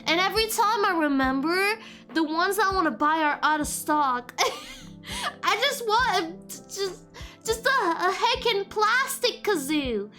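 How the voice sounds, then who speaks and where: A woman's voice: very high-pitched, expressive, unhurried, sharp tone. A woman VTuber streamer chatting casually and playfully with her viewers, giggling often. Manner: giggly and playful, reacting to chat. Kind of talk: casual livestream chat with viewers. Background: faint lo-fi background music.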